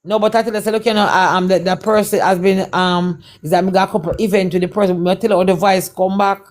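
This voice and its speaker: A woman's voice: mid-range voice, steady tone, fast talker. A Jamaican woman telling a personal testimony as a guest, in Patois-laced speech, repeating herself and acting out the dialogue in her story. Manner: Patois-laced, repetitive retelling with quoted dialogue. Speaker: guest performer.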